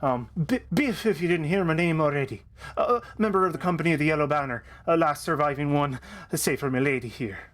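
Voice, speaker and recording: A man voicing a jittery male mercenary survivor with an Irish lilt, rambling in a high, fretful voice. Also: fast talker, fairly bright tone, close to an everyday voice. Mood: nervous.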